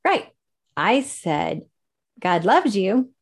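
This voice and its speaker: A woman's voice: medium pitch, sing-song, extremely slow, creaky. A woman guest in a faith-based interview, telling her story with animation, laughing often and acting out the people she quotes.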